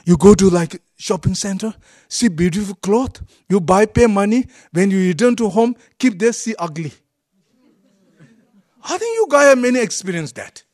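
A man teaching as a Buddhist monk, speaking halting English that is not his first language, often pausing to find a word and chuckling through his points. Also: sits high, lively intonation, a little mellow. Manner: broken English, often gropes for words. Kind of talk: dharma talk to a group.

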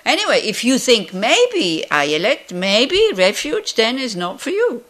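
A woman's voice: a little high, huge pitch swings, unhurried, fairly bright tone. Woman teaching a Buddhist class. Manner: conversational, rhetorical questions, many fillers.

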